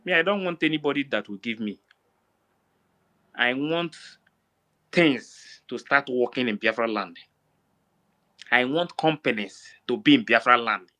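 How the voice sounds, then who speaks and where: A man's voice: mid-range voice, lively intonation, a little slow, pauses often, sharp tone. A man from Nigeria speaking in an online discussion with fervent, rising and falling delivery. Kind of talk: impassioned political talk.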